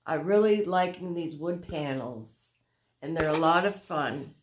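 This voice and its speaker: A woman shows off her paintings in a casual home vlog, walking along a wall while she rambles, hunts for words and corrects herself. Her low voice is expressive and measured, with slight background noise.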